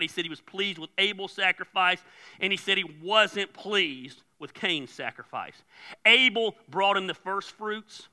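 A man preaching a sermon as pastor, animated, often repeating words as he starts a phrase. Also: high voice. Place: church.

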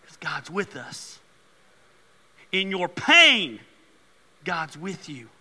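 Middle-aged male pastor preaching, high-pitched and very bright, animated joker who turns earnest. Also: drawn-out words. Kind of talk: sermon.

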